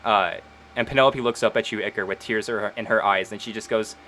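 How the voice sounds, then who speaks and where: A man calmly narrating a tabletop role-playing game as game master. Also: on the low side, fast, a little hiss or hum. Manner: calm, steady narration in second person.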